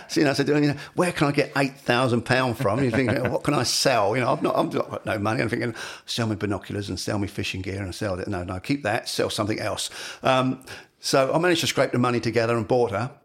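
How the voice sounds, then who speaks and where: A man's voice: medium pitch, vocal fry, breathy edge. A middle-aged man telling rambling anecdotes as an interview guest, peppered with "you know". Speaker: falconer and guest. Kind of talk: anecdotal storytelling.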